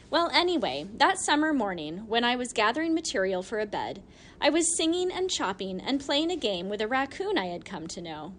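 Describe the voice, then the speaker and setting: Animated woman narrating an audiobook. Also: a little high, a little hiss or hum. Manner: animated, expressive storytelling. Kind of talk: first-person audiobook narration.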